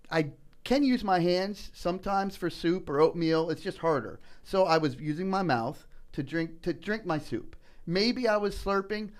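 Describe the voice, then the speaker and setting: A middle-aged man telling personal stories in a casual podcast chat, earnest and animated, often saying "man" and "you know". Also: fairly high pitch. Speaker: political candidate guest.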